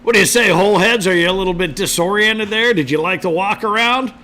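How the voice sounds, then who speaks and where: A man's voice: high-pitched, fast talker, over music. A man co-hosting a podcast in a chatty, jokey way, loose and full of fillers as he welcomes viewers. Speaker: podcast co-host. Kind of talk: casual show hosting.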